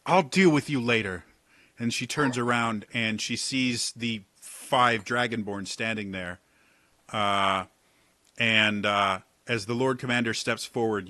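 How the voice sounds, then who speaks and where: A man's voice: on the low side, bright, forceful tone, no echo. A man narrating a tabletop game as game master, rambling with lots of fillers.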